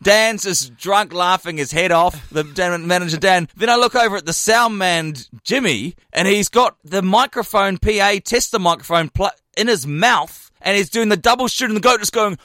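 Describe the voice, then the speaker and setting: A man with an Australian accent, co-hosting a radio chat show and telling a rambling, animated story full of quoted dialogue. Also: sits high, normal speed, hardly any pauses, no room sound, clean studio sound. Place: radio studio.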